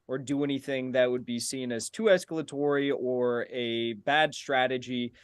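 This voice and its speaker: A man's voice: mid-range voice, moderate pace, clear, resonant tone, no echo, studio quality. A young man in a heated online debate, giving long answers in a taunting, argumentative way. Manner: taunting, repeating a jab.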